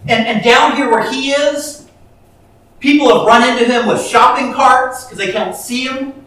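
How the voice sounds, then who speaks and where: A man's voice: extremely high pitch, unhurried, pushed and bright. A man preaching a sermon, telling a story with many restarts and rising to emphatic peaks. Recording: echoey hall from far off.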